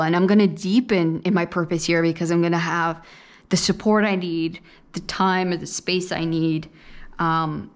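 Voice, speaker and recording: Soft-spoken woman giving a tarot reading. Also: fairly low pitch. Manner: gentle, soothing, repeats words while thinking. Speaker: tarot reader.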